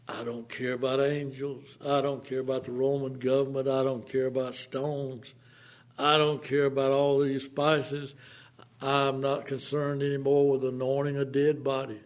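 A man preaching a sermon, fervent and dramatic, swinging between hushed tones and impassioned appeals. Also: medium pitch, little pitch movement, unhurried.

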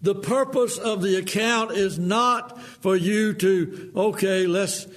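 A man preaching a sermon in a folksy manner, acting out quotes in a lower voice. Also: slow pace, fairly bright tone.

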